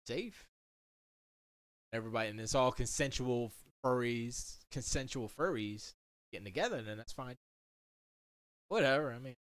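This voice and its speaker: Animated joking man on a livestream. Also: medium pitch, dry recording. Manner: animated and joking, jumps into silly quoted voices. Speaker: livestream host. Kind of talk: casual livestream commentary. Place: home studio.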